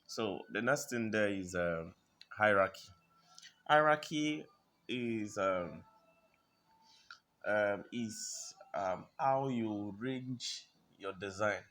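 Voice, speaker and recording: A man explaining design principles in a tutorial, halting, repeating words and often clearing his throat, checking in with the listener. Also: lowish voice, a bit bright. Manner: checks in with "you understand?". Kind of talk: screen-recorded tutorial explanation.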